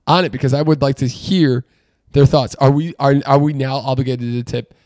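A man, co-hosting a casual podcast, animated, swearing, his voice jumping up when he gets riled. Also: medium pitch, normal speed, no echo, studio quality. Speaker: podcast co-host. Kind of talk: casual chat.

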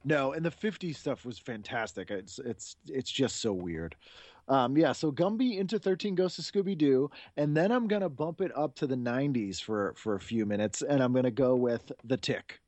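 A man in his forties talks eagerly and a bit ramblingly, laughing often as he chats on his podcast. His voice sits at an everyday middle pitch. The recording is close and dry with no room sound. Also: expressive, normal speed, a little mellow, no echo. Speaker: podcast host. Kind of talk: casual chat.

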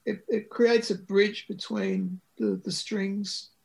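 A man's voice: high voice, level tone, slow, creaky, a little mellow, breathy edge. A man, a musician talking about his record in an interview, with many ums and restarts. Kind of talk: conversational interview.

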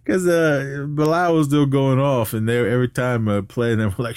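A man co-hosting a podcast, recapping a film in a casual, animated way and often laughing while he talks. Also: normal speed, clean tone, dry recording, studio quality. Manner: animated retelling, jumps up in pitch when quoting characters. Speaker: podcast co-host.

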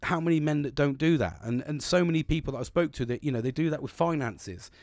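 A man's voice: a little high, quick pace, darkish tone, dry recording. Bloke ranting on his podcast, swears loads, keeps restarting, dry sound. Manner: blunt, heavy swearing, earnest, frequent restarts. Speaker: podcast host. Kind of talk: casual monologue.

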